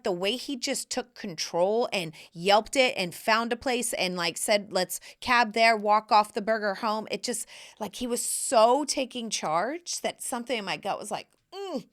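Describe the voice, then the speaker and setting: A woman hosting a podcast, telling a personal story casually and acting out the quoted lines with big jumps in her voice. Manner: animated, acts out quotes with big pitch jumps. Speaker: podcast host.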